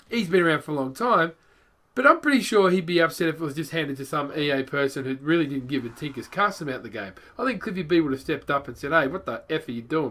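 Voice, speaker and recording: Gaming YouTuber, man, brisk and bright, rambling blunt commentary. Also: on the high side. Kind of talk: casual gameplay commentary.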